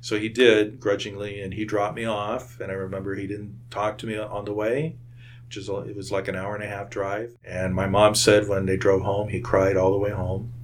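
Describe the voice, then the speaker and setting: A man who is a priest and a church office director, earnestly recalling his family in an interview, in a measured way with hesitant pauses. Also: fairly low pitch, level tone, slight background noise. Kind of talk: reflective interview recollection.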